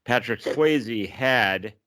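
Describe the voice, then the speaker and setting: A man co-hosting a podcast, sharing film trivia in a measured way with frequent hesitations. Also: medium pitch, sharp tone. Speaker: podcast co-host. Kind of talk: casual chat.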